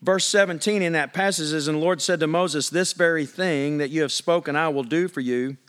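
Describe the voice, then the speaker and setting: Speaking a little fast, this male pastor has a fairly bright, clean tone and a voice slightly higher than typical for a man. In his sermon he reads scripture aloud and addresses the congregation in a conversational way, pressing each point with emphatic questions.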